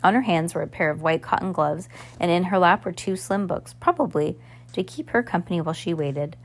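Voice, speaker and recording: A woman's voice: lowish voice, animated, fairly quick. A woman reading a novel aloud as narrator, with occasional slips and restarts. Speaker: reader. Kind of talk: amateur audiobook narration.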